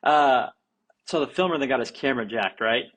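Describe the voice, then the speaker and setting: Young dude telling a story super casual, dude and like every other word, mid pitch. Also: male voice, brisk, fairly bright tone. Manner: laid-back, says dude and like constantly. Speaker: guest skateboarder.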